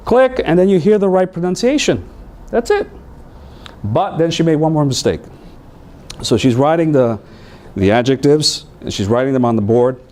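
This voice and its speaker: A man training new teachers, telling stories in an animated way and acting out voices. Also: a little high, moderate pace, long pauses. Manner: animated storytelling, acts out voices.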